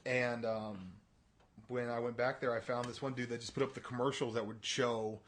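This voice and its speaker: A man's voice: medium pitch, little pitch movement, moderate pace, slight background noise. Laid-back man in casual chat. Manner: laid-back, hesitant, lots of fillers. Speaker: podcast co-host.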